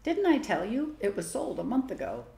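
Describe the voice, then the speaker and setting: Brief: woman reading as a calm, teasing dad, lower and unhurried, roomy recording. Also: vocal fry. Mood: dry. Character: dry, teasing unhurried father. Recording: roomy echo.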